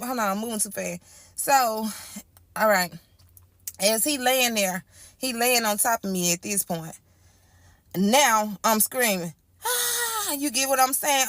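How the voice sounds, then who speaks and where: A woman tells her own story in a relaxed storytime style, her voice sitting a bit high. She talks straight to her listeners, chatty and circling back over the same points. The sound is dry and close, with no room echo. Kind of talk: casual first-person storytime.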